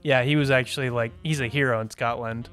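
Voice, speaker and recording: A man's voice: mid-range voice, steady tone, quick pace, fairly bright tone, faint music behind. A man co-hosting a casual movie podcast, giggling often and rambling with lots of "like" and "you know". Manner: giggly, filler-heavy rambling. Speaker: podcast co-host.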